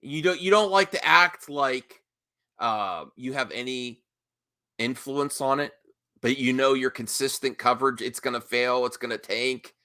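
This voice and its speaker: A man's voice: medium pitch, unhurried, pushed and bright. A man doing heated reaction commentary, talking back at a video clip in a combative, mocking way.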